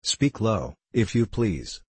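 A man with a very low, husky voice playing an earnest middle-aged locksmith who speaks cautiously and confidingly in an audiobook. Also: sing-song, slow, no echo, heavily acted. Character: earnest middle-aged male locksmith, kindly but wary.

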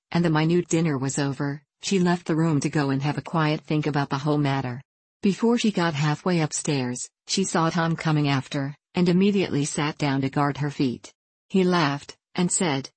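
Woman reading an old novel aloud, low and husky, dry close sound. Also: darkish tone, no echo. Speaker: audiobook narrator. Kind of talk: scripted narration.

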